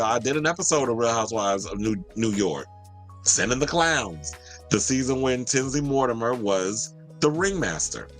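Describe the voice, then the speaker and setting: A man's voice: medium pitch, a bit bright. A man hosting a celebrity gossip show, chatting casually with strong opinions and talking straight to his viewers. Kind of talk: casual pop-culture commentary.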